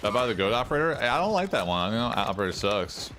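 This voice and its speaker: A young man with a deep, low voice rambles bluntly through casual gameplay commentary, dropping strong opinions as he plays. Game sounds run clearly underneath him. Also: sing-song, fast talker, a bit bright, slight background noise. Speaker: gaming streamer.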